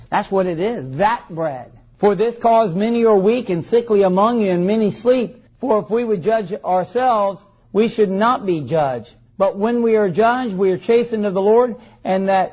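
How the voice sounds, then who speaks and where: A man's voice: high voice, slightly rough, muffled recording. A pastor preaching a sermon to his congregation, reading scripture and calling for responses from the listeners. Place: church service.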